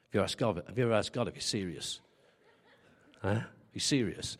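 A man's voice: sits low, animated, moderate pace, breathy edge. A man preaching a sermon in a conversational way, telling stories with humor and asking the congregation questions. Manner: humorous, self-deprecating storytelling. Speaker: pastor. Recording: long hall reverb.

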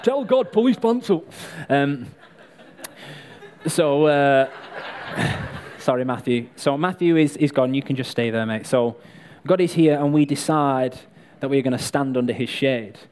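A man with a mid-range, slightly mellow voice preaches a little slowly, and a little hiss or hum sits under the audio. His sermon is chatty and joking, aimed right at the people before him, whom he calls up as volunteers for his props.

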